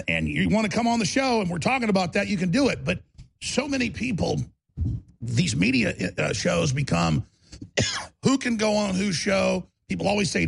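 A man's voice: fairly high pitch, very animated, moderate pace, gravelly, breathy edge, faint music behind. A man hosting a talk radio show, brash and sarcastic, often stammering and repeating words.

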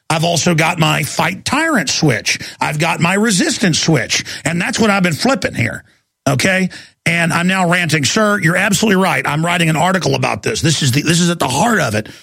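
A man, hosting a talk radio show and ranting heatedly, with fast bursts and repeated words. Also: high-pitched, creaky, a bit bright, husky, dry recording, clean studio sound. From Texas.

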